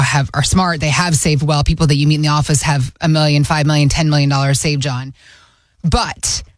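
A woman's voice: low-pitched, no echo, clean studio sound. A middle-aged woman co-hosting a casual chat, telling stories and laughing easily. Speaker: podcast co-host.

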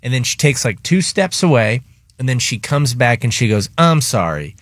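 A man's voice: medium pitch, expressive, normal speed, no echo. A man hosting a radio show, telling a rambling, casual story with lots of fillers in a studio. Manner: chatty, rambling anecdotes with many fillers.

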